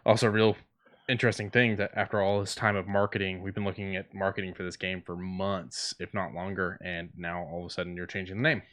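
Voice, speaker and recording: A man's voice: low voice, little pitch movement, fast talker, fairly bright tone. A man co-hosting a podcast, telling stories and running down news in casual chat with fillers. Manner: storytelling, news rundown with fillers. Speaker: podcast co-host.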